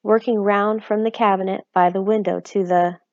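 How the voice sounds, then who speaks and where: A woman's voice: medium pitch, fairly even intonation, normal speed, darkish tone, no room sound, lightly acted. A weary, plain-spoken tiny father from a storybook, as a woman reading aloud puts him on. He talks in a tired, rustic way. The recording sounds dull and dry.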